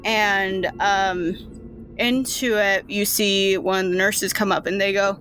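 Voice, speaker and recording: A woman's voice: mid-range voice, steady tone, slow, a bit bright, soft background music. A woman running a tabletop game as game master, narrating casually with lots of "like" and "um". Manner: casual, rambling narration with fillers.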